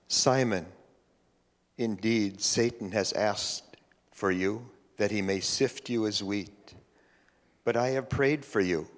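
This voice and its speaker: A man voicing Jesus, a calm, solemn grown man who speaks slowly and deliberately. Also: on the low side, voice pushed down. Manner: slow, solemn, measured. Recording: reverberant hall, distant from the mic.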